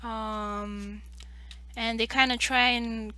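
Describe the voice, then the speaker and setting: Rambling young woman, bright voice. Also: a little high, flat delivery, slow pace. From Romania. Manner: rambling, loose, full of "like" fillers and restarts. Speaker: artist streaming a live drawing session. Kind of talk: casual chat while drawing.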